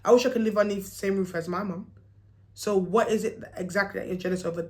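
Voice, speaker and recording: A woman's voice: medium pitch, quick pace. A young woman, telling a personal story in a casual vlog and acting out what people said. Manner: animated, acts out quoted dialogue, slangy.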